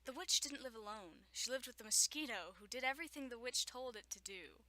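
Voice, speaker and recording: A woman's voice: a little high, animated, a little fast, bright, forceful tone. A young woman at home reading a children's story aloud, often stopping to joke, laugh and make sarcastic asides. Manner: frequent laughter and stumbles. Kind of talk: reading aloud with running commentary.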